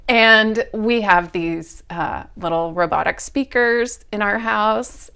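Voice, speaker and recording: A middle-aged woman hosting a podcast, telling a story in an animated way and acting out both sides of a conversation. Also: on the low side, vocal fry. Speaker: podcast host. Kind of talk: storytelling monologue.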